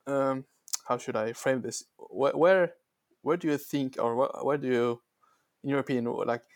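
A man's voice: mid-range voice, normal speed, dry recording. Hesitant man, dry close sound. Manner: hesitant, keeps rephrasing his questions. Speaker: podcast guest. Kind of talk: casual chat.

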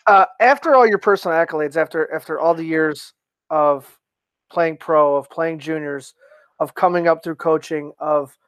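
Male interviewer, higher voice, long stacked question, dry close sound. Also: moderate pace, fairly bright tone, clean tone, no echo. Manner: builds a long, repetitive question.

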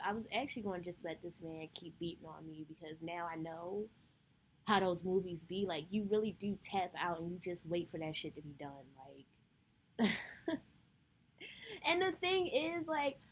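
A woman's voice: medium pitch, slight background noise. A woman podcast host telling a personal story in a candid, profane, emotional way.

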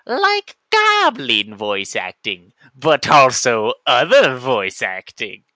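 A man voicing a sneaky, mischievous male goblin in a drawn-out, theatrical way. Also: mid-range voice, wildly swooping pitch, pushed and bright, no room sound, full character voice.

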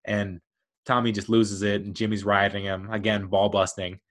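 A male podcast host talks through a film in loose, rambling bursts, full of fillers and little laughs. His voice sits on the low side, and his enthusiasm keeps pushing the talk forward. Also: fairly even intonation, normal speed. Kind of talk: casual movie review podcast.

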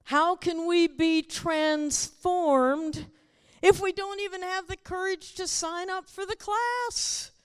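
A woman with a high voice preaches a sermon in a church, teasing the front row and acting out quoted voices. Her manner is playful and lively. A long reverb hangs on her voice, as in a large hall. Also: takes it slowly. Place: church sanctuary.

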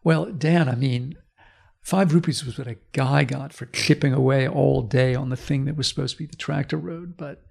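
A man's voice: medium pitch, moderate pace, creaky. A man, a history professor, telling a story in conversation, acting out the people in it with blunt, emphatic and sometimes profane talk. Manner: animated storyteller acting out quoted voices.

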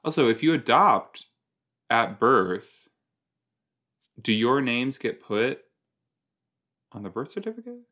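A young man gives casual, unhurried commentary while he watches an episode. His voice swoops up and down as he talks himself through each moment, full of fillers. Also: mid-range voice. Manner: animated, thinks aloud with fillers. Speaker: reaction podcast host.

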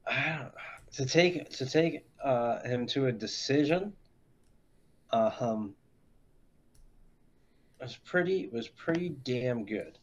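A man co-hosting a fight podcast, talking slowly and haltingly, with ums and uhs filling his pauses. His audio is dull and lo-fi, as if from a cheap mic. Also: mid-range voice, animated. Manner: slow, halting, lots of fillers. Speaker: podcast co-host. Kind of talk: casual chat.

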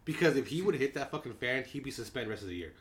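A man's voice: mid-range voice, very animated, quick pace, crowd noise. A man co-hosting a podcast, ranting about basketball in casual, heavily profane talk. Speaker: podcast co-host. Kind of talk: casual sports chat.

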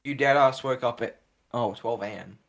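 A man's voice: mid-range voice, moderate pace, gravelly. A young Australian man hosting a casual podcast, rambling and joking with lots of fillers. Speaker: podcast host.

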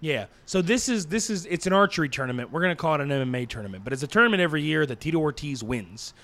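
Halting man explaining a convoluted plot. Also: on the high side, expressive, fairly bright tone. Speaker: podcast co-host. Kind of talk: casual comedic recap.

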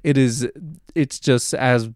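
A man's voice: mid-range voice, takes it slowly, dry recording, studio quality. A man co-hosting a podcast, talking casually and at length, swearing freely and filling gaps with uh and you know. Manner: animated, swears freely, rambling with many fillers. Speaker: podcast co-host.

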